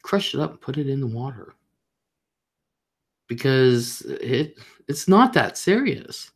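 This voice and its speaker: A woman's voice: a bass voice, big pitch swings, slow pace, husky. A woman hosting a casual livestream, chatting straight to her viewers in a rambling, talkative way. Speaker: livestream host.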